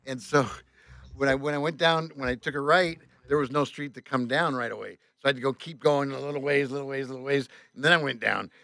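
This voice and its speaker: A man telling a story as a tour bus driver on a podcast, animated, swearing often and acting out the other voices. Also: medium pitch, brisk, gravelly, no room sound. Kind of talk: casual storytelling.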